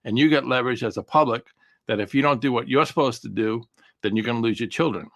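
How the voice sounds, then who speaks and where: A middle-aged man co-hosting a live Q&A stream, speaking in a measured, earnest way as he explains things step by step. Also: medium pitch, a bit bright. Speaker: co-host.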